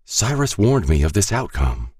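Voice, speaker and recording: A man voicing a mortally wounded temple elder who speaks weakly and calmly in halting phrases. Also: fairly low pitch, husky, no room sound, clean studio sound, pitched above the performer's own voice. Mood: fading. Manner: weak, halting, calm.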